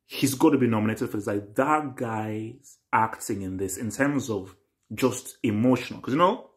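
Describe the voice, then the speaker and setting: A young man hosting a casual TV reaction video. He rambles and repeats himself, swinging between excited bursts and low mutters. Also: normal speed. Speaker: reaction channel host.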